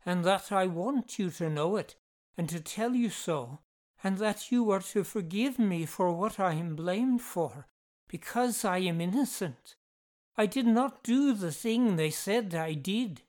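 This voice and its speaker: A woman's voice: mid-range voice, lively intonation, measured pace, darkish tone, close to an everyday voice. A woman reading the lines of a male workman's ghost, speaking in a fervent, pleading way.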